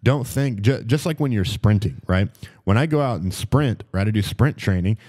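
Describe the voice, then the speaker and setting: Low-voiced man, emphatic and mellow. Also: animated, moderate pace. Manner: emphatic, repeats phrases for stress. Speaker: podcast co-host. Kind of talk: motivational podcast talk.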